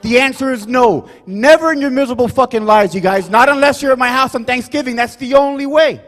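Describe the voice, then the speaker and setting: A man performing a rambling, loud stand-up set, forever adding "you guys" and "right?". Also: very high voice, a little fast, long reverb tail. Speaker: stand-up comedian. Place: comedy club stage.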